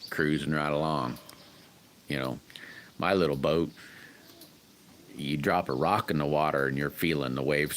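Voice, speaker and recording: Host: man, very low voice, rambling folksy livestream chat, faint room hum behind. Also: a bit bright. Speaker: livestream host chatting with viewers.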